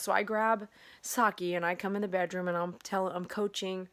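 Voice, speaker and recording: In her bedroom, a woman who grooms dogs and runs a channel tells a loose, rambling vlog story packed with fillers and restarts. Her medium-pitched voice is steady and a little bright, moving at a moderate pace.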